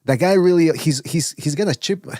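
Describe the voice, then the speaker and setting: A man's voice: on the high side, normal speed, mellow, no room sound, studio quality. A man co-hosting a boxing podcast in casual chat, rambling with many stammers and restarts. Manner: rambling, stammers and restarts, mimics others' voices. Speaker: podcast co-host.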